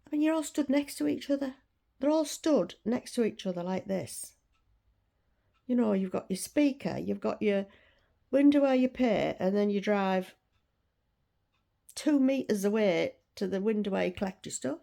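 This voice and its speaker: Gravelly woman in her sixties ranting. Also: medium pitch, expressive, moderate pace, pauses often, mellow. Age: 60s. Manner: indignant, swears freely. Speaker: weight-loss vlogger. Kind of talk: casual storytelling rant.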